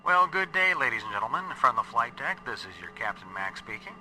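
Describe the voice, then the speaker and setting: Folksy airline captain on the PA. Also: male voice, medium pitch, very animated, brisk, pushed and bright, poor audio. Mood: cheerful. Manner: folksy, upbeat cabin announcement. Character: cheerful male airline captain on the PA. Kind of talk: recorded in-game announcement.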